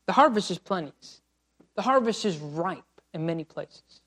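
A male missionary preacher delivers a sermon with fervor. He builds to loud, pleading cries, then drops to a hushed, low voice. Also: animated, normal speed. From United States. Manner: impassioned, rising to pleading cries and dropping to quiet.

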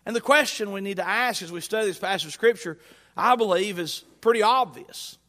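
A man's voice: high voice, brisk, pushed and bright, big-room sound. A man preaching a sermon in a folksy, conversational way, his emphasis rising and falling. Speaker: pastor. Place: church sanctuary.

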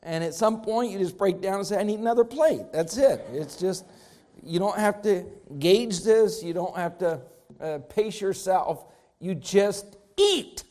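Man, high voice, pastor preaching, emphatic rising and falling cadence. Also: normal speed, warm tone. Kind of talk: sermon.

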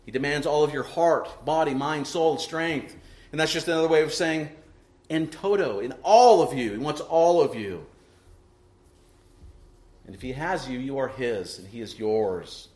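A man's voice: on the high side, normal speed, darkish tone. A middle-aged man preaching a sermon to his congregation, emphatic and full of rhetorical questions tagged with "right?". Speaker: pastor. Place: church sanctuary. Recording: echoey church room.

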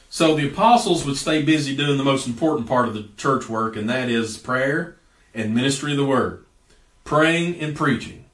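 A middle-aged pastor preaches a sermon in a folksy, emphatic way, his voice swelling in sudden loud bursts before dropping back. His pitch sits in the middle range for a man. He is heard from some distance in an echoey church room. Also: animated, normal speed.

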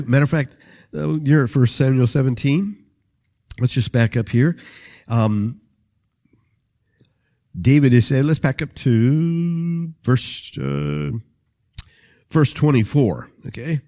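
A male preacher tells a scripture story in a lively, swinging voice. He talks straight to his listeners, keeping the sermon casual and conversational. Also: medium pitch, moderate pace, pauses often. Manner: animated, conversational, addresses listeners directly.

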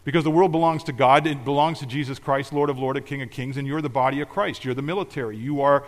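A male pastor preaching a sermon, emphatic, moving between loud declarations and quiet, intimate asides. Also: medium pitch, fairly even intonation, fast, big-room sound.

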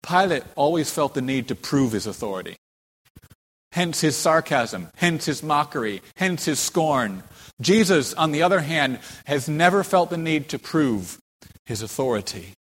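A very animated pastor with a slightly high, breathy-edged voice preaches at an unhurried pace. He gives his sermon dramatic weight, voicing quoted figures with mounting emphasis, and the church hall adds strong reverb.

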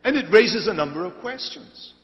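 Preacher guy, pretty high voice, emphatic, repeats stuff for stress, long echoey church reverb. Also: lively intonation, moderate pace. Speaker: pastor. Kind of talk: expository sermon. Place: church sanctuary. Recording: dull lo-fi sermon recording with long church reverb.

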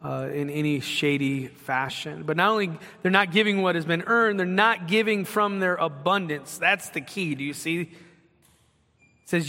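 A male pastor preaching with emphasis and rhetorical questions. His voice sits high and sounds bright and forceful. A long hall reverb trails each phrase. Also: moderate pace. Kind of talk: sermon.

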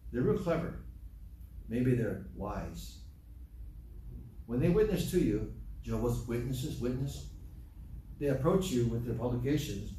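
Captured from a distance in a church hall's echoey room, with a little hiss or hum, this pastor delivers a chatty sermon full of asides and rhetorical questions. His voice is mid-range and dark-toned.

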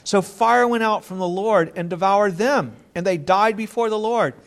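Gravelly high-voiced man preaching. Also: moderate pace. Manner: earnest, rhetorical questions, quotes scripture, repeats words while thinking. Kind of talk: sermon.

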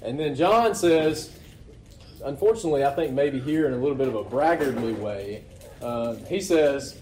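A man's voice: mid-range voice, lively intonation, fairly quick, a little mellow, slight background noise. A man preaching a sermon to his congregation in a casual, conversational way, often asking rhetorical questions. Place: church. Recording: echoey room.

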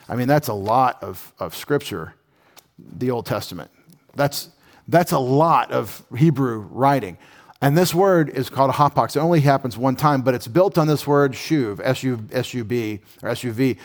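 Folksy man teaching Bible words. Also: mid-range voice. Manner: explains words slowly, restarts often, folksy. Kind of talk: casual classroom lecture.

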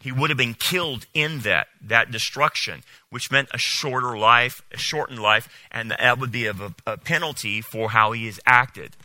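A man preaching a sermon as a pastor, animated and incredulous, often mocking what others say. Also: mid-range voice, moderate pace, hardly any pauses, dry recording.

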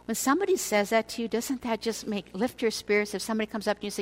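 An older woman giving a devotional teaching to women, speaking in a measured, earnest way and slowing down for emphasis. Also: fairly high pitch, rough recording.

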